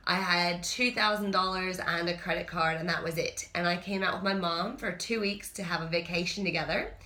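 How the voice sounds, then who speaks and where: A woman's voice: on the low side, fairly even intonation, a little fast, sharp tone. A woman, a personal trainer, telling a personal story in a chatty, candid vlog. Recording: roomy echo.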